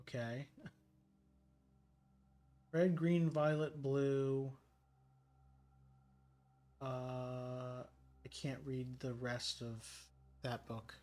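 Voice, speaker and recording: A man's voice: mid-range voice, little pitch movement, extremely slow, pauses often, darkish tone. A man streaming a puzzle game, thinking aloud and reading clues as he works them out.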